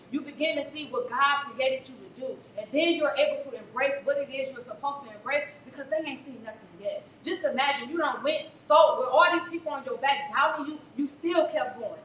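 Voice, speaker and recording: A woman's voice: high voice, a bit bright, lo-fi sound. A woman therapist, giving an emphatic, preachy motivational talk to a live audience. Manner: preachy, emphatic, faith-infused encouragement. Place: event venue before a crowd. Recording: echoey room from far off, faint noise.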